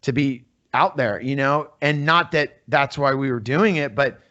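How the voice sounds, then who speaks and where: A middle-aged man from Northern California, a musician guest in an interview, telling his stories in a rambling, animated way full of "you know" fillers. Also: medium pitch, measured pace. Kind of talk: casual storytelling interview. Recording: slightly muffled lo-fi audio.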